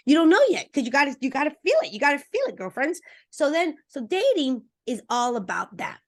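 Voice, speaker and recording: A woman dating coach talking as a podcast interview guest, energetic and emphatic, speaking straight to her listeners and acting out little voices. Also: fairly quick. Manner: acts out voices with expressive pitch swings.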